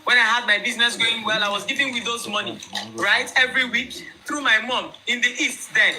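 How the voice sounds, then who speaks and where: Young nigerian woman, very bright fairly high voice, animated and emphatic storytelling. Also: a little fast, poor audio. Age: young adult. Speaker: widow telling her story. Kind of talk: personal storytelling to viewers.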